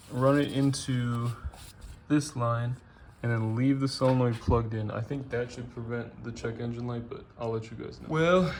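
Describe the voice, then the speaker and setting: Here a man with a medium-pitched voice, carrying a little hiss or hum, narrates his car repairs in a garage. He's a hobbyist restoration vlogger, relaxed and chatty, walking through each step in a casual how-to style.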